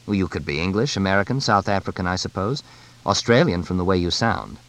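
A man's voice: low voice, animated, a little fast, a bit bright, rough recording. A man voicing a wry young American man who answers in short, dry replies, in an audiobook. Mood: curious.

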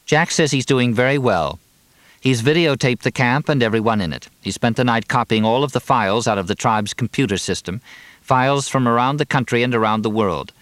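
A man's voice: medium pitch, fairly quick, a bit bright, no echo, voice pushed up, close to an everyday voice. A man voicing a blunt, defensive middle-aged mother with a raised voice. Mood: matter-of-fact. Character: sharp-tongued middle-aged mother, weary woman.

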